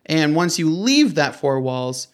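A man's voice: fairly high pitch, very animated, slow pace. A man co-hosting a casual podcast, joking around playfully while explaining. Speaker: podcast co-host.

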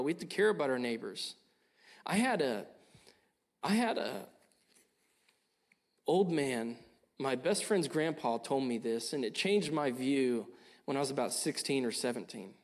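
A young man preaching a sermon, earnest and urging, often repeating his phrases. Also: on the high side. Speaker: pastor.

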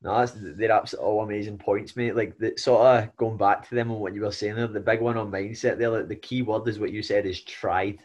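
A man's voice: on the low side, steady tone, brisk, hardly any pauses, darkish tone. A man hosting a casual podcast as a fellow coach, chatty and agreeable, building on his guest's points. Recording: dull lo-fi audio.

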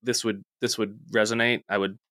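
A man's voice: fairly low pitch, little pitch movement, a little fast, pushed and bright, dry recording, clean studio sound. Playful man co-hosting a podcast. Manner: playful, self-mocking humor. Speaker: podcast co-host. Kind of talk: casual chat.

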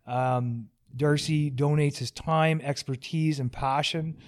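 Guy hosting a chill podcast, kinda high voice, rambly and jokey. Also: steady tone, takes it slowly. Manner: joking, rambling, self-deprecating. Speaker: podcast host. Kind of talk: casual podcast chat.

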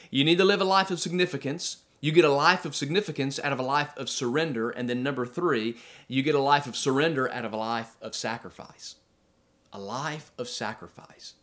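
A man preaching a sermon as pastor to his church, firing off rhetorical questions, slowing down to stress key phrases, and telling personal stories. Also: medium pitch, a bit bright. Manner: conversational asides and personal stories.

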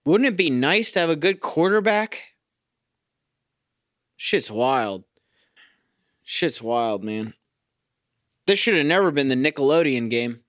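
A man's voice: a little high, very animated, slow, pauses often, a bit bright, dry recording, studio quality. A young man ranting profanely as a sports fan, talking in a casual, exasperated monologue.

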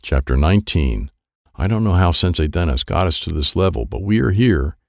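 A man narrating a children's chapter book in an animated, playful way, voicing the sound effects himself. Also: low voice, normal speed, vocal fry, no room sound, clean studio sound. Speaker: audiobook narrator.

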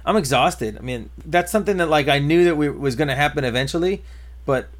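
Male podcast co-host, casual chat, quick delivery, slightly high voice, joking and rambling.

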